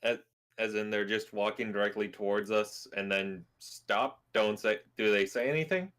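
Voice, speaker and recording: A man's voice: lowish voice, steady tone, moderate pace, a bit bright. A man playing a tabletop game, talking casually with wry jokes. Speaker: player. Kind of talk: casual chat and in-character play.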